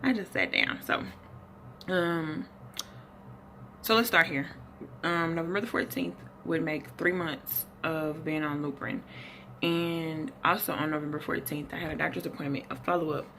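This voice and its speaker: A woman's voice: low-pitched, steady tone, moderate pace, fairly bright tone, a little hiss or hum. A young adult woman giving a rambling, self-correcting health update at her desk, a little out of breath. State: slightly out of breath. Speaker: vlogger. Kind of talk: casual health update vlog.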